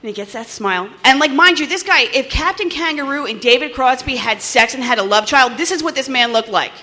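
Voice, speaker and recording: Bright-voiced woman, animated storyteller, shares her recovery testimony and acts out the voices in it. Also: high-pitched, brisk, slight background noise. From New Jersey. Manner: animated storytelling, acts out dialogue, laughs often. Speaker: recovery meeting speaker. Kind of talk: personal testimony at a recovery meeting.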